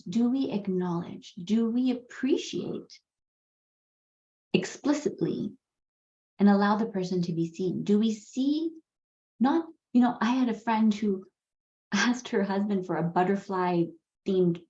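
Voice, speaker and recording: A woman's voice: medium pitch, dark tone. A woman in her forties hosting a podcast, telling a personal story in a candid, earnest way with casual swearing. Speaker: podcast host. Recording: slightly dull, roomy recording.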